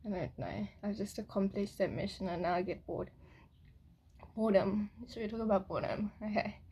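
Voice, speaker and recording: Giggly rambling woman with a gravelly voice. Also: medium pitch, brisk, mellow. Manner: rambling, giggly, casual swearing. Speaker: spiritual vlogger. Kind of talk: casual rambling monologue.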